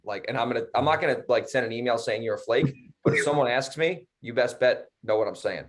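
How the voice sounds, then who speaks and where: Guy ranting thru a story, lots of swearing, mid pitch, acts out the other people. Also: fast talker, few pauses. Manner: heated, profane, mimicking others. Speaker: podcast co-host. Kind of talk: casual storytelling.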